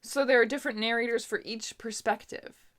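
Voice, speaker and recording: A woman's voice: on the high side, steady tone, a little fast, fairly bright tone. A young woman from Canada chatting casually about books she has read, laughing often and filling her talk with little asides. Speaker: booktuber. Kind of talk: casual book review chat.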